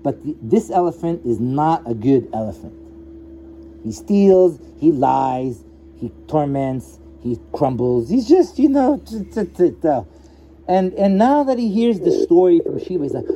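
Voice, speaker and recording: A man's voice: mid-range voice, very animated, normal speed, mellow, slight background noise, low-quality recording. A man teaching yoga at a live gathering, telling a story in a casual way and acting out the characters' lines. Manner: casual storytelling with voiced asides. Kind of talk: live satsang talk.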